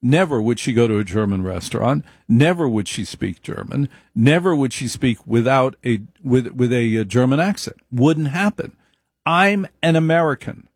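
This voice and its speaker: A man's voice: mid-range voice, a little mellow, slightly rough, no echo, clean studio sound. A man giving an opinionated monologue, emphatic, repeating his points and wandering into asides.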